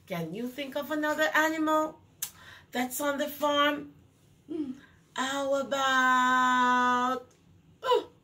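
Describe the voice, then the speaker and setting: A woman teacher leading circle time, talking to young children in an animated, sing-song way with gasps of delight. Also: high-pitched, slow pace, long pauses, distant mic, slight background noise.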